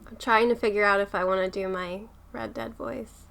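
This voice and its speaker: A woman's voice: mid-range voice, steady tone, moderate pace, vocal fry, fairly bright tone. A woman co-hosting a podcast in casual chat, giggly and self-conscious, laughing often. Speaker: podcast co-host.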